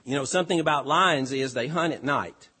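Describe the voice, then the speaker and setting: A pastor delivering a sermon, with an earnest, emphatic delivery that rises and falls. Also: male voice, medium pitch, brisk, sharp tone, slightly rough. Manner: earnest, emphatic preaching with rising and falling delivery.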